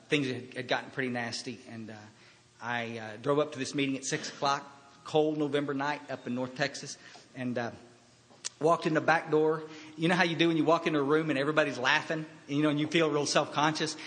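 A man giving a personal recovery talk, telling his story in a halting way with quiet pauses. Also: a little high, a little hiss or hum. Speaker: recovery speaker. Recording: hall reverb.

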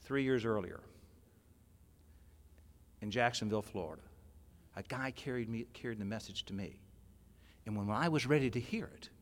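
A man telling a personal story to a convention audience, animated, swinging from loud, excited stretches to low, quiet asides. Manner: animated storyteller, rising to near shouting, dropping low and quiet. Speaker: workshop speaker at a recovery convention. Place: large convention hall. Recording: long hall reverb.

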